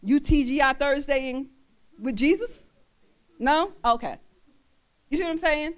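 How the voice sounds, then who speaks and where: A young woman minister preaches in a church with bright, high pitch and lively energy. She laughs often and slips into bits of song as she goes. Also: unhurried. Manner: animated, laughing, breaks into singing. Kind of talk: sermon.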